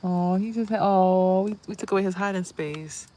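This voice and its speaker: Animated, swearing woman vlogging outdoors. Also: mid-range voice, moderate pace. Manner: animated, swearing, exclaims loudly at things she sees. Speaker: spiritual vlogger and reader. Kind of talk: casual rambling vlog. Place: outdoors near trees.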